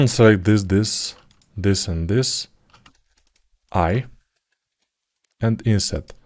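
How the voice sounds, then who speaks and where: A man in his forties, talking through a live 3D modeling tutorial in a low-key way, murmuring quietly while he concentrates and dropping joking asides. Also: extremely slow. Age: 40s.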